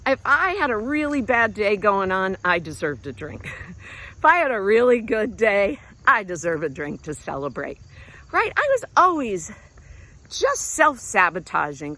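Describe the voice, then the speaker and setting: A middle-aged woman talks in a casual, encouraging way as she walks outdoors, her pitch rising and falling freely. She is a little out of breath from the walk. Crickets chirp faintly behind her. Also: big pitch swings, unhurried, pushed and bright. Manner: encouraging, conversational, breathing hard while hiking. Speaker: vlog host and self-help speaker. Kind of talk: casual talk while walking outdoors. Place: outdoors walking around a lake.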